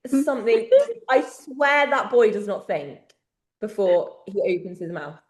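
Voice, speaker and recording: A woman's voice: medium pitch, expressive, measured pace, echoey room, a little hiss or hum. An English woman co-hosting a podcast, telling stories in casual chat and laughing often. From England. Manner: chatty storyteller, laughs often. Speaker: podcast co-host.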